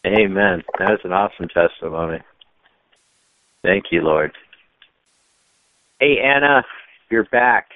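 A man's voice: low voice, lively intonation, slow, long pauses. A man hosting a call-in prayer line, patiently checking details with callers. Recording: tinny phone line, dry.

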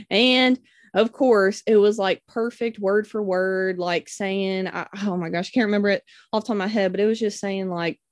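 A woman's voice: medium pitch, steady tone, moderate pace, no room sound. A young woman shares a personal testimony with her church group, wandering through the tale with plenty of "um" and "like." She acts out the quoted voices as she goes. The sound is dry and close. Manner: rambling storyteller, many fillers.

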